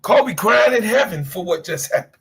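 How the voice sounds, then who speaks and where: A man's voice: sits high, expressive, normal speed, gravelly, husky. A middle-aged man hosting a sports talk livestream, ranting in a fired-up, blunt way and swearing freely as he speaks to his chat and co-host. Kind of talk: heated livestream rant.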